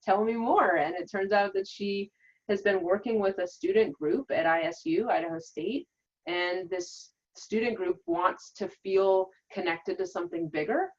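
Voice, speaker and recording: A woman with a fairly low voice presents to a webinar audience. She sounds earnest and upbeat, and she leans on frequent ums. The call audio is dull and lo-fi. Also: a little mellow. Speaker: regional coordinator.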